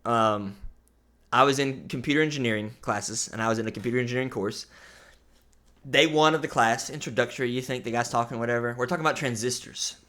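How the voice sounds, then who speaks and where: A young man co-hosting a casual podcast, telling stories and laughing loudly at his own jokes. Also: mid-range voice, fast talker, slight background noise. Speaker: podcast co-host. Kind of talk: casual chat.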